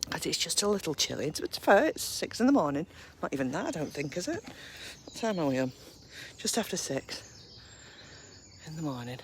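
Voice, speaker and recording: A woman's voice: very animated, fairly quick, long pauses, slight background noise. Chatty woman on a woodland walk. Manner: chatty, coos at her dogs in a high baby voice. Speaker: vlogger walking her dogs. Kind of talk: casual live-stream chat while walking. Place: woodland park outdoors, early morning.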